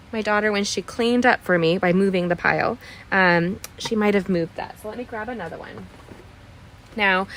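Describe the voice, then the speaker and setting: A woman's voice: mid-range voice, a little hiss or hum. A woman teaching a live online card-making class, chatty and bubbly, wandering into stories and greeting viewers by name. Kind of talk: live online craft tutorial. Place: cluttered crafting desk.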